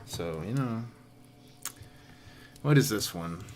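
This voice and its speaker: A man's voice: lowish voice, expressive, slow pace, slight background noise. A man streaming live, giving casual, dry and sarcastic commentary.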